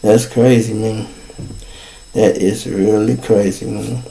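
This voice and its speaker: A man's voice: on the low side, little pitch movement, slow, vocal fry, dark tone, poor audio. A man from Chicago with a Chicago accent, hosting his own show and telling a street story in casual, profane slang, acting out both sides of the argument. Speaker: podcast host telling a story.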